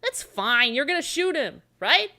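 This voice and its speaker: A woman's voice: high-pitched, very animated, measured pace, pushed and bright, voice pushed up, exaggerated voice. A woman voicing a snarky, sarcastic voice from a gamebook, mocking the reader.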